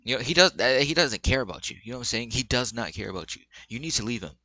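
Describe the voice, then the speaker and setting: A man's voice: mid-range voice, expressive, fast talker, pushed and bright, dry recording. A young man giving blunt, rambling relationship advice in casual, slang-filled commentary.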